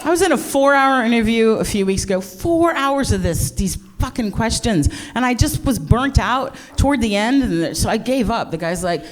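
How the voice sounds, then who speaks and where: A woman's voice: fairly high pitch, expressive, moderate pace, hardly any pauses, a little hiss or hum. A middle-aged woman doing live stand-up comedy, brash and profane, with a voice that swings widely up and down as she plays to the crowd. She mocks herself and talks straight to the audience. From United States. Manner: brash, profane, self-mocking, playing to the crowd.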